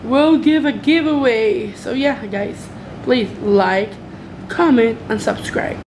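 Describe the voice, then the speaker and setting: Young woman vlogging with halting fillers. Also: on the high side, darkish tone, slight background noise, rough recording. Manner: hesitant, many fillers and restarts. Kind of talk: casual vlog chat. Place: home bedroom with window open.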